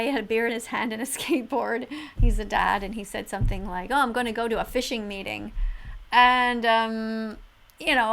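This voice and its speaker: A woman commenting to camera as a vegan activist, preachy and emphatic, swinging between flat remarks and loud exclamations. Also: a little high, creaky, low-quality recording. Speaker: vegan activist video host.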